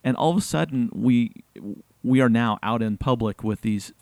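A man hosts a casual podcast, ribbing his guest and laughing easily as he stops and restarts his sentences. His mid-pitched voice sounds close and dry, with no room around it. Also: vocal fry, darkish tone, no echo. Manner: teasing, laughs often, halting restarts. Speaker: podcast host. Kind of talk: casual chat.

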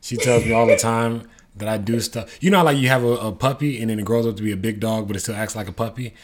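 A man's voice: on the low side, quick pace. A man co-hosting a podcast, chatting casually and joking about himself. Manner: joking, self-teasing, chatty. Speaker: podcast co-host.

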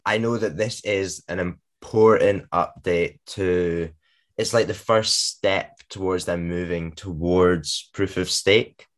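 Very deep, slow-talking male podcast co-host. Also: fairly even intonation. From Scotland. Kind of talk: casual podcast chat.

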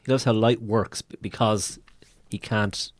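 Low-voiced man sharing thoughtful opinions, dry sound. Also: fairly even intonation, measured pace, dry recording. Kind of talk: casual chat about books.

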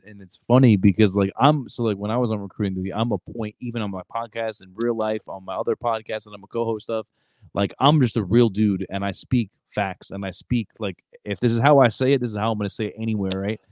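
A young man hosting a podcast, talking bluntly and casually with lots of fillers and quick asides. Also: fairly low pitch, steady tone, a little mellow, no room sound. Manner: blunt, talks fast with many fillers and acted quotes. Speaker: podcast host, former Marine recruiter. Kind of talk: casual interview chat.

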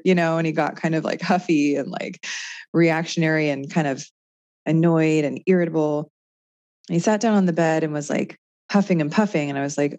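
A woman's voice: low voice, a little fast, a little mellow, dry recording, lo-fi sound. A woman, likely in her thirties, co-hosting a podcast and talking things through reflectively with many fillers. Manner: reflective, thinks aloud with frequent fillers. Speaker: podcast co-host. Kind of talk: casual conversation.

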